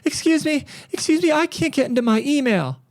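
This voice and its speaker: A man voicing a frantic, entitled older woman customer who scolds in a shrill, indignant voice. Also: animated, brisk.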